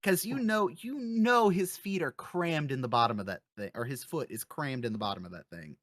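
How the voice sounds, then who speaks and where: A podcast host giving a lively, chatty episode recap, with frequent fillers and quick laughs. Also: mid-range voice, a crowd in the background.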